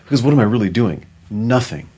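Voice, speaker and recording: A man co-hosting a podcast, chatting casually and telling an animated story that acts out the lines of other people. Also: medium pitch, quick pace, husky. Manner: animated storyteller, acting out quoted dialogue. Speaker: podcast co-host.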